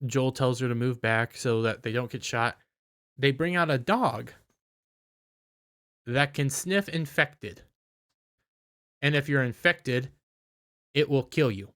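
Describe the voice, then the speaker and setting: A tired man giving a casual, rambling spoken recap of a TV episode, with halting restarts. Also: mid-range voice, fairly bright tone. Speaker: video reviewer.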